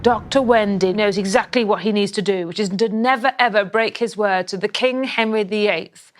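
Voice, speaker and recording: A woman's voice: mid-range voice, moderate pace, soft background music. A woman telling a comic history story in a rambling, cheeky, casual way.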